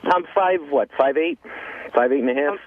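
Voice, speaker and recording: A man's voice: fairly high pitch, moderate pace. A man in his forties calling in to a radio show, chatty and hedging. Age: 40s. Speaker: caller. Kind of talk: phone-in chat. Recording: tinny phone line.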